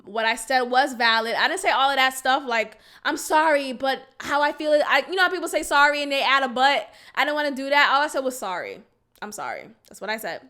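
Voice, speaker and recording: A young woman with a high, bright voice tells her own story on a podcast. She talks candidly and expressively, slipping into low, quiet sighs and then rising into loud, exasperated outbursts. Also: fairly even intonation, brisk, few pauses. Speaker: podcast host. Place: Houston, Texas.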